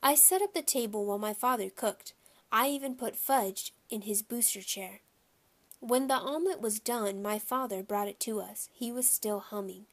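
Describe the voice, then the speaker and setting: A woman's voice: a little high, moderate pace. Woman reading a children's book aloud. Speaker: reader.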